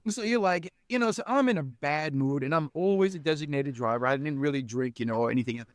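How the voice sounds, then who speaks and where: Talking fast with no echo, a middle-aged spirits company founder guests on a podcast. He tells stories in a casual interview, voicing quoted people with leaps in pitch and filling his speech with "you know."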